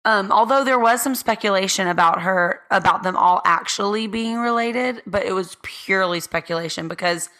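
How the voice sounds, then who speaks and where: Chatty hoarse-ish woman podcast co-host. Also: mid-range voice, moderate pace, few pauses, pushed and bright. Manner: chatty, laughs often, trails off. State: a little hoarse. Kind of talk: casual chat. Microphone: studio mic with red light.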